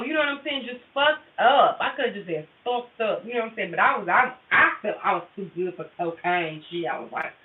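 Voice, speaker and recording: A woman's voice: fairly high pitch, animated, fast talker, echoey room. Candid woman chatting to viewers, tinny distant audio. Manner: candid, profane, confessional, addresses viewers directly. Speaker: tarot reader livestreaming. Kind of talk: casual livestream chat with viewers.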